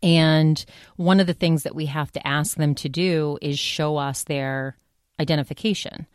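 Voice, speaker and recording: A woman's voice: low voice, fairly even intonation, unhurried, no room sound, studio quality. A woman hosting her own podcast, talking casually in a rambling, chatty way with frequent restarts. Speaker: podcast host. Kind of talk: casual solo podcast monologue.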